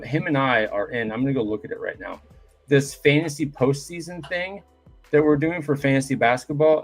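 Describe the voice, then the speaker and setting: A man hosting a live-streamed podcast, loose and joking, full of fillers and the odd swear. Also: mid-range voice. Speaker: podcast host.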